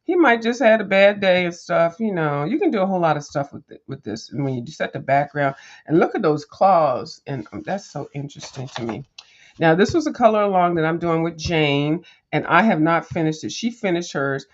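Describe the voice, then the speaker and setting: A woman's voice: lowish voice, animated, a little fast. A woman chats casually as she pages through a coloring book, rambling from thought to thought with plenty of ums and restarts. She talks straight to her viewers, calling them "girl" and tossing in sassy little "mm-mm"s. The recording sounds a bit dull and lo-fi. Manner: rambling and chatty, with many fillers and restarts. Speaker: coloring channel host.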